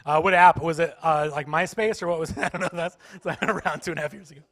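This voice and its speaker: High bright-voiced stand-up comedian. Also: male voice, steady tone, quick pace, no room sound. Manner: playful, teasing the audience. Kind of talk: stand-up comedy with crowd work. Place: church stage.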